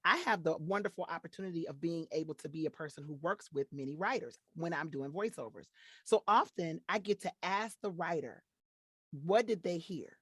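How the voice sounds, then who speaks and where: A woman voiceover artist from Detroit speaks in a lowish register, with a dry, close sound that has almost no room around it. She chats freely as an interview guest and slips into demonstration voices while explaining her work. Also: normal speed, slightly rough, no echo. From Detroit, USA. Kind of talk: casual interview chat.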